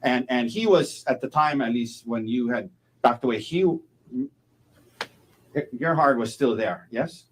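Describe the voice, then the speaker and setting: A man as a defense attorney cross-examining a witness in court, halting and repeating words, closing each point with a leading question. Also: medium pitch, animated, a little hiss or hum, low-quality recording.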